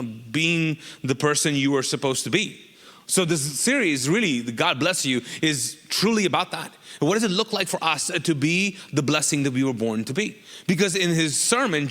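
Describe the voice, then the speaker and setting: A man's voice: a little high, bright, forceful tone, in a large hall. A man preaching a sermon as pastor, talking conversationally and bantering with the congregation with questions. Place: church auditorium.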